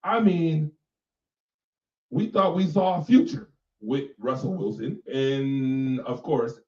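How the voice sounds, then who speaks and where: A man's voice: a little high, takes it slowly, echoey room. Man, radio host, casual sports rant, emphatic, repeats himself, distant dull mic. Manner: animated, emphatic, repeats lines for effect; laughs between remarks. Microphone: personal microphone.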